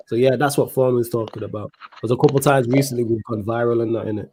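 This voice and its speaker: Slangy excitable man. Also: mid-range voice, quick pace, slight background noise. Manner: slangy, excitable, swears freely. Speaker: watchalong co-host. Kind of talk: casual chat.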